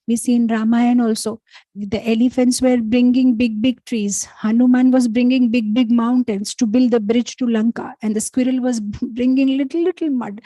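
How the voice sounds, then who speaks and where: A woman's voice: fairly high pitch, dark tone, no room sound, rough recording. A woman teaching an informal scripture class, talking conversationally with many fillers and telling stories. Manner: conversational, many fillers, chants verses slowly. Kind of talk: informal scripture lesson with storytelling.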